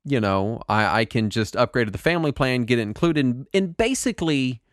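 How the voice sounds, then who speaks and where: A man co-hosting a casual video game podcast, animated and jokey as he runs through the week's news. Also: medium pitch, fairly quick, dry recording, studio quality. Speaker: podcast co-host.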